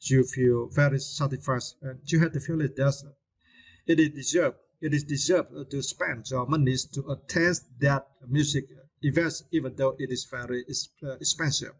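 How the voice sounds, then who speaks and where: A man in the middle pitch range gives an English vocabulary lesson, pausing often on fillers and checking in with tag questions. He says each word again and again, slowly, to show where its stress falls. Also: steady tone, poor audio. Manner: repeats words slowly to model stress.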